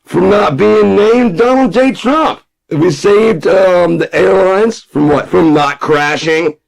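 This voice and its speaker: A man mocking a blustering, boastful older politician with a profane, shouting delivery. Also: sits high, takes it slowly, gravelly, pitched above the performer's own voice, heavily acted, rough recording.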